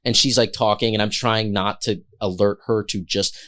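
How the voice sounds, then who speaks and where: Man telling animated kitchen stories. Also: on the low side, moderate pace, few pauses. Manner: animated, acts out quoted voices. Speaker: chef guest. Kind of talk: casual podcast storytelling.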